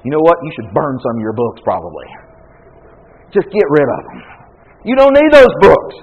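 A man's voice: on the high side, huge pitch swings, normal speed, husky, lo-fi sound. A man preaching a conversational sermon as pastor, often acting out hesitant prayers. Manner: conversational preaching, with frequent repetitions and acted-out prayers.

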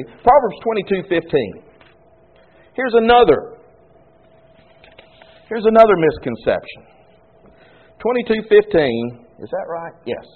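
Man preaching, lively swinging pitch, husky voice, thin phone-like sound. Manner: animated, emphatic, repeats phrases. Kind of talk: sermon. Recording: tinny phone-like lo-fi recording.

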